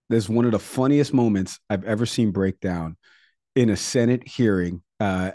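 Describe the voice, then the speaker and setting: A man hosting a political podcast in casual chat, talking in excitable bursts. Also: on the low side, no echo, clean studio sound. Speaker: podcast host.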